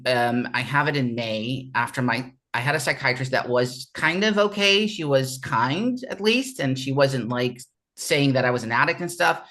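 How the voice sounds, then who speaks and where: A man speaking at a mid-range pitch as an interview guest, sharing a raw personal story. He talks in an earnest, halting way, stopping and restarting his sentences and repeating words as he goes. The delivery is candid and unpolished. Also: bright, forceful tone.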